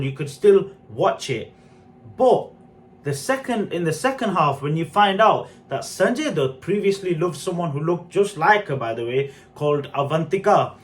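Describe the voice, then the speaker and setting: A man with a slightly higher voice delivers an unscripted film review, blunt and animated. He speaks straight to his viewers in a casual, chatty way. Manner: frank, animated, addresses viewers as guys. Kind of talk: casual spoken movie review.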